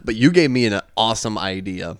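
A man's voice: lowish voice, animated, brisk, clear, resonant tone, no room sound, studio quality. A male radio host telling a prank-call story in casual chat, laughing often and acting out the voices of the people he called. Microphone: studio microphone.

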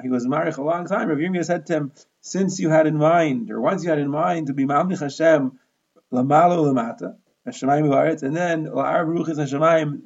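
Gravelly man explaining a Talmud lesson. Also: a little high, lo-fi sound. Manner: steady, methodical explaining, Hebrew and Aramaic terms mixed into English. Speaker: Talmud teacher.

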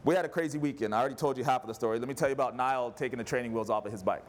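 A man in his thirties preaching a sermon, telling a family story in an animated, conversational way and checking in with the congregation. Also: medium pitch, rapid-fire. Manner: animated, conversational, asks the audience "right?". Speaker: pastor.

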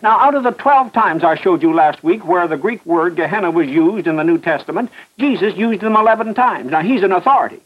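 A man's voice: high voice, expressive, brisk, hardly any pauses, slightly rough. A man preaching a fervent sermon, hammering his points with repetition and rhetorical questions. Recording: muffled old radio broadcast.

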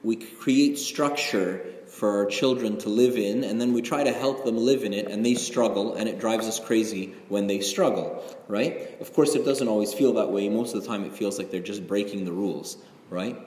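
A middle-aged man preaches in a relaxed, confessional way, his fairly low voice often turning to the congregation with a questioning "right?". The sound rings through a large, reverberant church hall with a long tail. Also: normal speed. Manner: conversational, confessional, frequent "right?" asides. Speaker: pastor. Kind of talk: sermon.

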